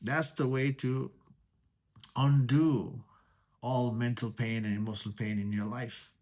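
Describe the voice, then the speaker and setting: A man teaching meditation in a spiritual talk. He speaks deliberately, repeats key words, and poses rhetorical questions. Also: medium pitch, level tone, darkish tone.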